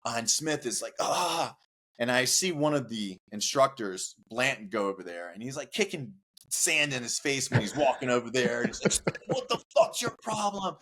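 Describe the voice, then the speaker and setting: A man guest on a podcast, telling a rowdy story casually, with lots of "like" fillers, cursing and acted-out shouts. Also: mid-range voice, normal speed. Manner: animated, profane, many "like" fillers, acts out shouts.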